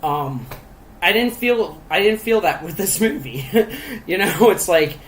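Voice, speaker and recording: A man's voice: high-pitched, big pitch swings, unhurried, a bit bright, low-quality recording. A man co-hosting a casual podcast chat about a movie, rambling with lots of fillers and frequent laughs. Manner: rambling, laughs often, many fillers and restarts. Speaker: podcast co-host reviewing a movie.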